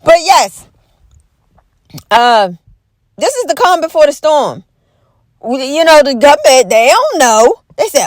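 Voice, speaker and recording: A high-voiced woman vlogger launches into an animated, exaggerated comedic rant to camera, folksy and emphatic, repeating catchphrases and slipping into quick mock voices. There's no room sound.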